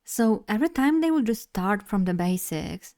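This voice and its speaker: A young woman with Polish as her first language streams in a mid-range, slightly mellow voice with lively intonation. Chatty and a bit rambling, she often laughs at herself.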